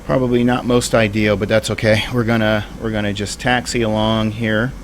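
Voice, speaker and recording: A man's voice: on the low side, level tone, normal speed, a little hiss or hum. A man streaming a flight simulator, thinking aloud in casual, rambling commentary.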